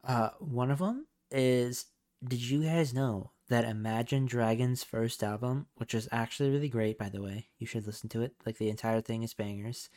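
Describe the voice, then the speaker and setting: A man's voice: medium pitch, fairly even intonation, moderate pace, darkish tone. A man hosting a casual podcast, rambling with lots of fillers and swearing freely. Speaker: podcast host.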